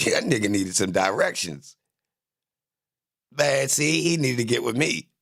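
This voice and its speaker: A man streaming a reaction to a court video, joking loudly in profane slang. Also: medium pitch, creaky. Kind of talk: casual reaction commentary.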